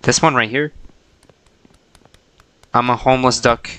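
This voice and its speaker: Bright, crisp-voiced male game streamer. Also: mid-range voice, fairly even intonation, measured pace, dry recording, poor audio. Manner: playful, chuckling, talks to himself. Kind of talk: casual gameplay chatter.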